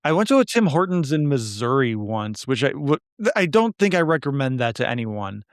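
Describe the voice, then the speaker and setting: Casting note: Midwestern male podcast host, rambling and self-deprecating, smooth clear voice, dry close mic. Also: medium pitch, sing-song, moderate pace, dry recording. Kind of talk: casual chat.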